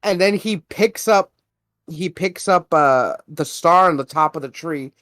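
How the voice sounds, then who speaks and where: Man, slightly high voice, giggling, acting out movie scenes, dry close mic. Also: unhurried, fairly bright tone, no room sound. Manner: laughs often, acts out characters' lines. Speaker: podcast co-host. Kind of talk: casual chat, retelling a movie.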